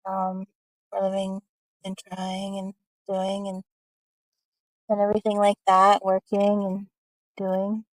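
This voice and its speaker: A woman's voice: medium pitch, monotone, slow pace, pauses often, dry recording, rough recording. A young woman chatting casually on a live stream at home, rambling with lots of fillers.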